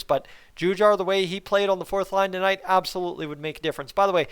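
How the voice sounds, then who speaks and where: A middle-aged man hosting a hockey post-game review, talking in excitable, sarcastic, animated rants. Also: sits high, smooth. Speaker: hockey vlogger.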